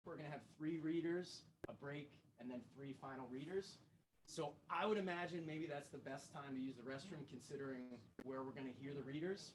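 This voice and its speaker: A man hosts a live reading and speaks in a relaxed, informal way, with a fairly high voice. Light room ambience hums behind him. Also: fairly quick, background noise. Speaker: event host. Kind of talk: casual event introduction. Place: bookshop reading event.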